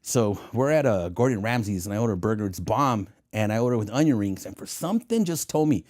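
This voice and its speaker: Animated male storyteller, lively pitch. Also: fast talker, few pauses. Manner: animated storyteller who acts out the voices in his anecdotes; laughs often at his own jokes. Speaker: guest, former federal agent. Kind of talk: casual storytelling interview.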